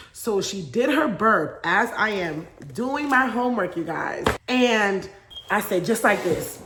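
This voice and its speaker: Young female vlogger, bright and chatty, laughs easily, roomy echo on the recording. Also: lowish voice. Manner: chatty and animated, laughs often. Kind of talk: casual storytime chat.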